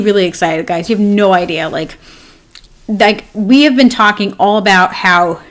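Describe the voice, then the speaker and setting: A woman's voice: mid-range voice, normal speed, a bit bright. A woman coaching pet groomers in a casual live class, chatty and upbeat, rambling with plenty of fillers. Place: home with her dog nearby.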